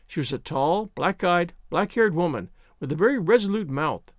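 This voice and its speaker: A man narrating a classic novel as an audiobook, in an expressive storytelling manner. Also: high-pitched, normal speed, no echo, studio quality. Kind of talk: scripted narration.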